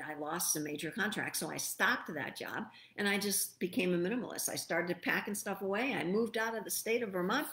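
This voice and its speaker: A middle-aged woman hosting a live stream as a spirit messenger, giving word readings in a slow, soothing, meditative way and thinking aloud. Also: mid-range voice, a bit bright. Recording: roomy echo.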